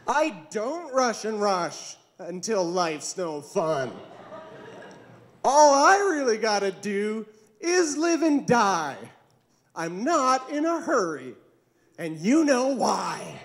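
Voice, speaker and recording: An unhurried everyday woman who draws out each word in a high, sing-song voice, as a male comic puts her on. Her pitch floats well above the comic's own voice and swings widely. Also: sing-song, full character voice. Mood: leisurely. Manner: slow, drawn-out rhyming recital. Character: typical woman, unhurried adult female.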